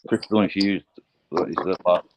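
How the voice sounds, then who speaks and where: Nervous man giving a halting psychic reading. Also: low voice, fairly even intonation, a little hiss or hum, low-quality recording. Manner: halting, gentle, full of fillers and restarts. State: nervous, first time on air. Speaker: psychic medium. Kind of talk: live online psychic reading.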